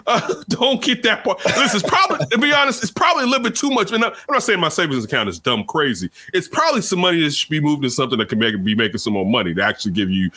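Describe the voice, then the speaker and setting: A lively man in his early forties, telling a story in a bright, forceful voice that swings widely up and down. He talks loosely and jumps into loud retold exchanges as he goes. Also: fairly high pitch, racing, hardly any pauses, breathy edge. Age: early 40s. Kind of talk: casual chat, storytelling.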